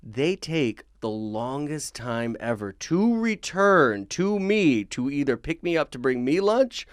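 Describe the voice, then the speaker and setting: Brief: young man, slightly high voice, animated storyteller, dry close mic. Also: slow, dry recording. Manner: animated, laughs often, acts out his own shouting. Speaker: podcast guest, comedian. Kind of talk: casual storytelling.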